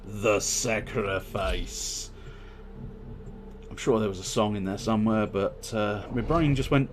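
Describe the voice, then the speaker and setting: A man's voice: lowish voice, a little slow. A man streaming a video game who rambles and swears as he thinks aloud while customizing his gear. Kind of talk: casual let's-play commentary.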